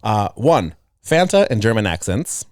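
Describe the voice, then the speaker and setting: A man's voice: on the low side, very animated, measured pace, slight background noise. A man co-hosting a horror podcast in casual chat, reading things aloud with teasing giggles. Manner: reads a list between giggles, dry and teasing. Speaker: podcast co-host.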